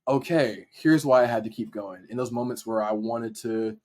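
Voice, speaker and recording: A man's voice: medium pitch, normal speed, darkish tone. A young man, a podcast guest, telling a story casually and acting out what people said, with some swearing. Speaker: podcast guest, dancer and editor.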